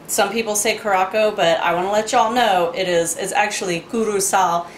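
A woman's voice: medium pitch, echoey room, a little hiss or hum. A woman making cocktails in her home kitchen, chatty and playful with little asides. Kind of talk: casual kitchen demo chat.

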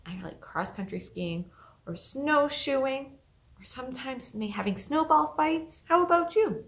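A woman librarian hosts a children's story time, reading aloud in an animated way. She talks slowly in a high, lively voice. The empty library around her echoes.

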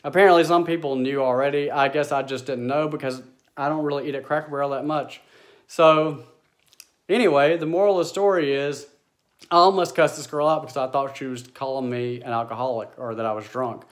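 A man telling a story in a casual, exasperated, animated way, acting out bits of dialogue. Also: mid-range voice, brisk. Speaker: vlogger.

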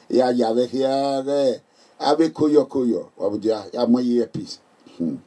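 A man's voice: medium pitch, slow pace. A middle-aged Nigerian man chatting casually and joking with his viewers. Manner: animated, joking, laughs often. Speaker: vlogger. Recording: voice distant from the mic.

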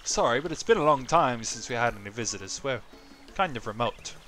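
A friendly, chatty turtle villager, as a man puts him on, in a slightly raised, welcoming game voice. He talks in a relaxed, helpful way. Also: mid-range voice, brisk, faint music behind, natural voice.

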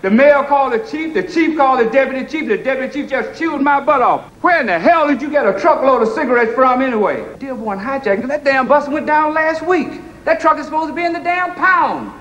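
A man's voice: very high-pitched, fairly quick, hardly any pauses, a bit bright, reverberant, highs cut off. An actor playing an angry police inspector scolding his officer. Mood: furious. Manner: scolding, barking, swears constantly. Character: angry cursing male police boss. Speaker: police inspector, the hero's boss.

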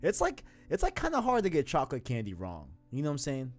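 A man's voice: a little high, wildly swooping pitch, fast, faint music behind. A man in his twenties with a faint New York accent, hosting a podcast in casual, rambling chat full of slang. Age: 20s. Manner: laid-back, slangy, rambling. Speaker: podcast host.

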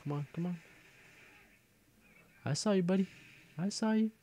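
A man's voice: sits high, moderate pace, warm tone, a little hiss or hum. A young man giving casual gameplay commentary as host of his own video series. He jokes, grumbles and trash-talks at other players.

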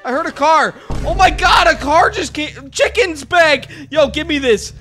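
A young man giving excited gameplay commentary, jumpy and yelping and shouting in panic. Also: extremely high pitch, measured pace. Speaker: gaming YouTuber. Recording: music playing behind the voice.

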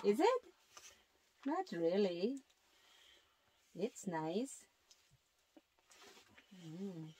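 A woman chatting softly and playfully with her young child during a family vlog in an ice fishing tent. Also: mid-range voice, big pitch swings, extremely slow, long pauses, slight background noise. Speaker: vlogger, mother. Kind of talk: casual family vlog chat.

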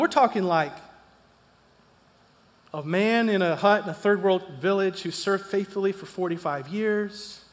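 A man in his thirties preaching in a church, telling a personal story, animated and swinging from loud to hushed. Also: high voice. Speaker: pastor. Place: church sanctuary. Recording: long reverb of a church hall.

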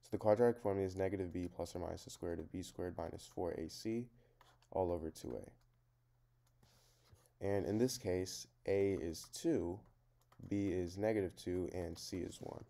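Low, mellow-voiced man explaining math. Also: normal speed, vocal fry. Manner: plain, methodical explaining, talking through each step. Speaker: math tutor. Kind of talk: step-by-step math lesson.

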